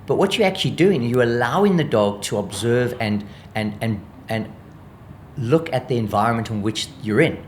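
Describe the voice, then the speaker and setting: A man's voice: mid-range voice, moderate pace, a little hiss or hum. A man with a South African accent, an animal behaviourist guest, explaining dog training in an interview and acting out what dogs think. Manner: lively, acts out dog thoughts in voices.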